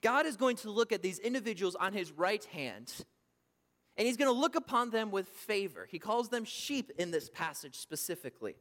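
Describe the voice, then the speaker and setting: Emphatic high-voiced male preacher. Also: lively intonation, normal speed. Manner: emphatic, swings between loud and hushed. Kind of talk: sermon. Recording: long reverb from a hall.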